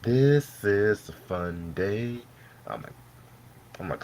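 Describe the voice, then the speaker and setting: A man's voice: fairly low pitch, lively intonation, slow pace, pauses often, a little mellow, slight background noise. A man hosting a live stream, chatting loosely with lots of swearing and laughter while he eats dinner. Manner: loose, profane, laughing banter. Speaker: host. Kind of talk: casual live-stream chat.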